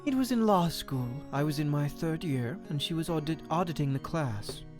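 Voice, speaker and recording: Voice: medium pitch, animated, moderate pace, over music, close to an everyday voice. A streamer voicing a cold, proud woman prosecutor in a courtroom video game. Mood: haughty. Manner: aloof, haughty. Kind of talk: live-streamed game voice-over.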